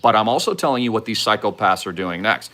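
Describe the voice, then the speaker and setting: A man hosting his own show, delivering an emphatic monologue straight to his viewers, swinging from low mutters to sudden high outbursts. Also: lively intonation, fast talker, fairly bright tone. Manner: conspiratorial, addresses viewers directly. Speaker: show host. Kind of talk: monologue to camera.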